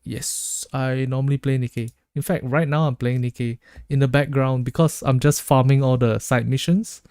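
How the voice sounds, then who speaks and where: Guy streamer chatting w his chat, jokey, mellow voice, dry close mic. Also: medium pitch, fairly even intonation, moderate pace, smooth, dry recording. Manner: joking, laughs often, reads chat aloud. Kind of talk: casual live-stream chat.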